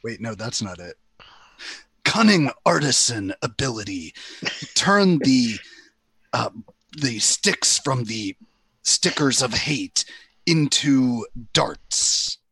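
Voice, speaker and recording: A man playing a tabletop role-playing game, speaking slowly and wryly about his character's actions. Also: mid-range voice, very animated, creaky, pushed and bright, breathy edge, no echo. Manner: slow, wry, in-character asides. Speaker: player. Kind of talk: casual tabletop play.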